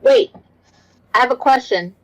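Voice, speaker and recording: Woman player with halting questions. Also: sits high, wildly swooping pitch, poor audio. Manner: stumbling, questioning. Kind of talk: casual game chat.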